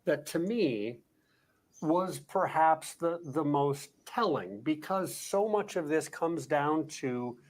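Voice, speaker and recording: Male commentator, somewhat high voice, deliberate, analytical. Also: animated. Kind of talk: analytical discussion.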